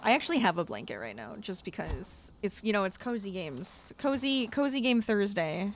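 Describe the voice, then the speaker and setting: Chatty woman streamer with a lively voice. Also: mid-range voice, normal speed, slight background noise. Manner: chatty, talks to chat, gets exasperated. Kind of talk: casual gameplay livestream chat.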